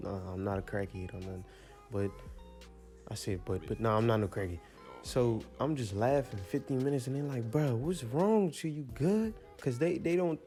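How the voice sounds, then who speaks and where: A teenage young man casually telling a rambling storytime, full of slang and animated asides. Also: fairly low pitch, creaky. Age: teens.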